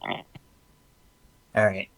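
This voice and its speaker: A man playing in a tabletop game, talking casually and rambling, often correcting himself mid-sentence. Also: extremely slow. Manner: rambling, self-correcting speech. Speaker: player.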